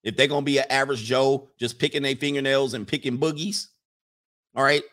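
In his livestream, a male host delivers casual advice to viewers, preaching emphatically, mocking, and listing things at length. He speaks fairly quickly in a mid-range, fairly bright voice whose intonation stays fairly even.

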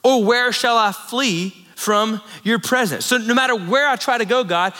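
Bright-voiced male pastor in reverberant hall. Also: extremely high pitch, normal speed. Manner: conversational, storytelling with asides and laughs. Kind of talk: sermon. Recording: long reverb in a large hall.

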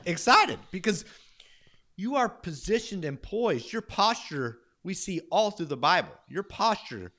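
Animated, enthusiastic man cheering a friend on. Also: sits high, measured pace. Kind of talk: casual faith conversation.

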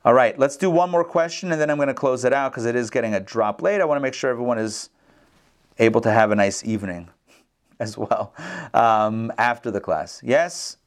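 A man teaching an online class, telling stories with lively acted-out voices over a video call. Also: medium pitch, moderate pace. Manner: animated storyteller, acts out the characters. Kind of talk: casual lecture with storytelling.

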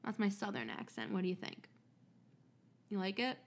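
A woman's voice: mid-range voice, sing-song, moderate pace, gravelly. Chatty woman reading a story aloud. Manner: chatty, swears freely, laughs at her own asides.

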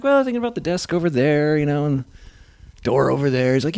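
A man's voice: on the high side, very animated, fast, darkish tone, no echo. A man in his thirties hosting a podcast, telling a story in casual chat. He acts out the people he quotes and swears freely. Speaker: podcast host and stand-up comedian.

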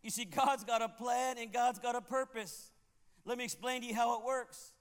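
High-voiced preacher in a reverberant hall. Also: male voice, steady tone, moderate pace. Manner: emphatic preaching, rising to loud exclamations. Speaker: pastor. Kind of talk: sermon.

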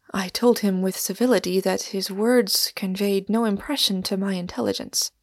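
A woman reads a novel aloud in a measured storytelling manner. Her mid-pitched voice has a gravelly texture, recorded dry and close. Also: fairly even intonation, a little mellow, dry recording. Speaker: audiobook reader. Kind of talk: scripted narration of a novel.

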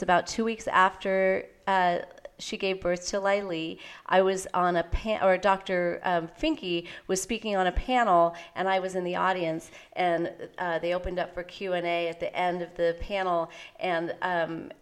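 A woman hosting a casual conversation, gentle and affirming as she recalls a birth she attended. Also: on the low side, steady tone, moderate pace. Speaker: host, birth doula. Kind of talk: casual podcast chat.

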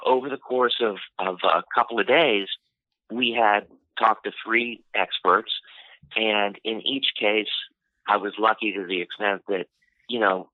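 A man telling a personal story in an interview, unhurried and full of "you know" fillers. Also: fairly low pitch, no room sound. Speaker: interview guest. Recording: tinny phone-line audio, dry.

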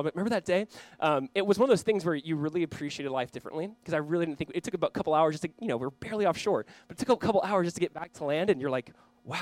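A man in his thirties from Southern California, preaching a sermon in a conversational storytelling manner, reading scripture loudly and praying quietly. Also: fairly high pitch, dry recording. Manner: earnest, conversational, swings from loud reading to quiet prayer; storytelling with self-deprecating asides. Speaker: pastor.

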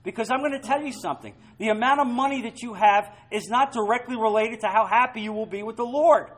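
A man preaching a sermon as pastor, emphatic, swinging between loud stresses and quiet asides. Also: very high-pitched, fast talker, low-quality recording.

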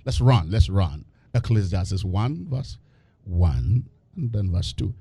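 A man preaches with a lively, swooping voice, firing questions at his listeners and breaking into laughter. He takes his time, pausing between phrases. The sound is close and dry. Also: low voice, husky, no room sound. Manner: animated, call-and-response questions, laughing asides. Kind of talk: sermon.

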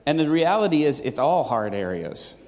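A man's voice: fairly high pitch, big pitch swings, moderate pace, a little mellow. A male preacher telling a story in a sermon, in a loose, conversational way with many fillers and restarts. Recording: long reverb of a large hall.

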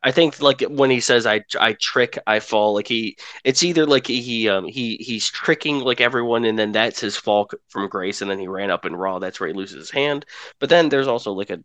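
A man's voice: mid-range voice, brisk, no room sound. Rambling young-sounding man, dry close sound. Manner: rambling, many likes and restarts, gets excited. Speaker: podcast co-host. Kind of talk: casual album discussion.

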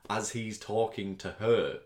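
Laid-back man, low voice, echoey room. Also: fairly even intonation, a little slow. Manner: rambling, laughs often, slips into silly voices. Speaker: podcast co-host. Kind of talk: casual chat. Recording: roomy echo.

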